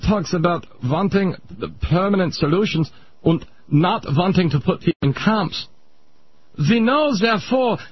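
A man's voice: high voice, slightly rough, voice pushed up, heavily acted. A man voicing a pompous older Viennese psychiatrist in a radio comedy bit, lecturing in a thick mock-German accent. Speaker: comedy sketch character. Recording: muffled radio broadcast.

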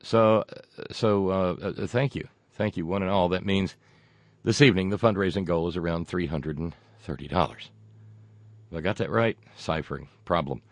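A man hosting a talk radio show and making a fundraising pitch, rambling and halting with many fillers and restarts, adding wry, folksy asides. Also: dry recording.

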